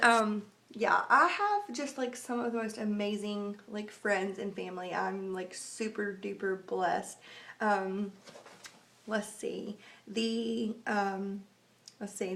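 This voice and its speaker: A young woman, vlogging casually while getting over the flu, rambling and chatty. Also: gravelly. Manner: chatty, rambling, acts out quotes in a high voice. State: recovering from flu. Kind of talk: casual vlog chat.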